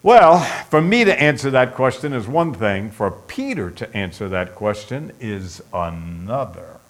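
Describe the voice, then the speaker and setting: A pastor preaches a sermon in a very animated mid-range voice at a measured pace. He's emphatic, repeating points for stress and speeding up whenever he runs through a list.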